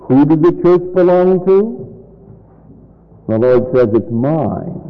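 A man preaching a sermon, stressing key words by drawing them out slowly and asking his congregation questions. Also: on the high side. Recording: muffled recording in a reverberant hall.

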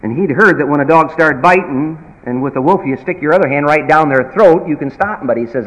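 A man preaching a sermon in an emphatic, folksy manner, swinging from loud bursts to quiet asides. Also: fairly high pitch, brisk, few pauses. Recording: reverberant hall.

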